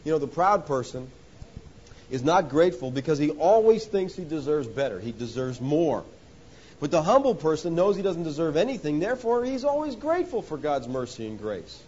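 Animated preaching man, dull lo-fi sound. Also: normal speed, husky. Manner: emphatic preaching, swinging between loud exhortation and hushed lows; addresses listeners as "folks". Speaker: pastor. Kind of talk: sermon. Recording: dull lo-fi sound with faint hiss.

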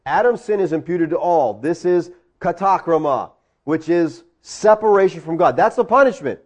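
A man's voice: on the high side, animated, moderate pace. A man delivering a teaching sermon, explaining words from the Greek and driving points home with rhetorical questions. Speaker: preacher.

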